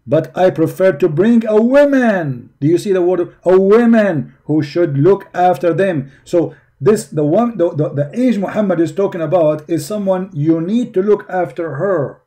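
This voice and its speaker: Mocking man with a dark voice. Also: high-pitched. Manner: mocking, emphatic, repeats rhetorical questions. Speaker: religion critic presenting. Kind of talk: commentary on articles.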